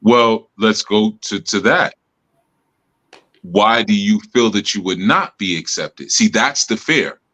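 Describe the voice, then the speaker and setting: A man with a deep bass voice, teaching in a relaxed, reflective way with many "you know" asides, on a live stream. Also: slow. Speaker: spiritual teacher and host. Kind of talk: casual teaching talk. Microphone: live stream mic.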